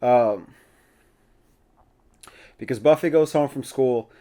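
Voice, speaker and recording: A man with a middle-pitched voice talks through an episode in a loose, conversational recap. He is chatty and opinionated and often breaks into laughter. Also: slow, mellow. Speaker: podcast host.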